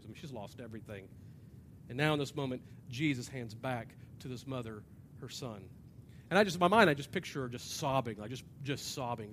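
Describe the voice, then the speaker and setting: A man preaching a sermon in a church, animated, acting out voices and swinging from loud to hushed. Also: medium pitch, a little hiss or hum. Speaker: pastor. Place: church hall with an audience.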